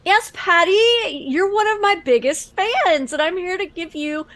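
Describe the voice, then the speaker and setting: A woman's voice: very high-pitched, animated, measured pace, fairly bright tone, voice pushed up, heavily acted. A woman playing a perky online video star. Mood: sweet.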